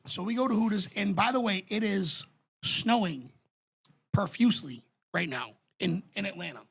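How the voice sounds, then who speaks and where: A man spins an animated, profane story on a casual podcast. His voice is gravelly and a little husky with a bright, forceful edge. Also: sits high, normal speed. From Boston. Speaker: podcast co-host.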